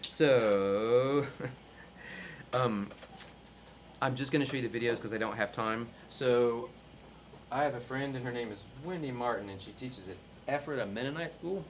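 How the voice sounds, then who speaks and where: A man's voice: mid-range voice, measured pace, pauses often, a little hiss or hum. A man from North Carolina, a music teacher giving a workshop to other teachers, talking in a chatty, upbeat way with frequent laughs. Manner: chatty and upbeat, laughs often between points.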